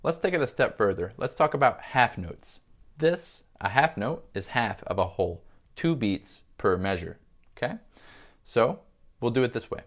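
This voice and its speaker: A man teaching a music lesson, calmly explaining and counting beats aloud. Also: medium pitch, moderate pace, lo-fi sound. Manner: calm, steady instruction, counting beats aloud.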